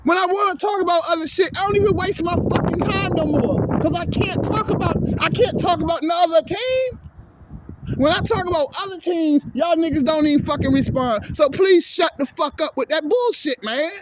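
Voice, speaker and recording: A man's voice: very high-pitched, normal speed, noisy background. A man hosting his own sports channel, delivering a heated, profane, repetitive rant at his viewers. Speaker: sports vlogger. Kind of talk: angry ranting monologue.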